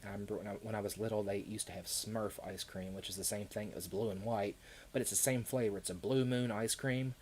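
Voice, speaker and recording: A man with a Kentucky accent rambles through a casual live stream, answering viewers between laughs and fillers. His voice sits a little low. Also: fairly even intonation, fast talker, darkish tone, a little hiss or hum.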